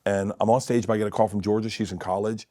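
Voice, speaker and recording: A middle-aged man, a comedian guest, telling animated family stories in casual chat and acting out quotes with cursing. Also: fairly low pitch, quick pace, dry recording, clean studio sound. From Florida.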